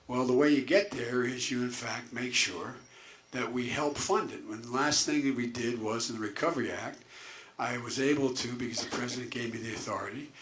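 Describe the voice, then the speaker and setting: A man's voice: mid-range voice, a bit bright. An older man, a political candidate, giving an earnest debate answer full of restarts and trailing asides.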